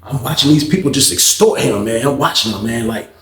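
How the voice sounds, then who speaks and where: A man's voice: medium pitch, fairly quick, fairly bright tone. Man telling a slangy story in an echoey room. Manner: loose slang-heavy talk with lots of fillers. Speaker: storyteller, channel host. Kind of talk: casual storytime.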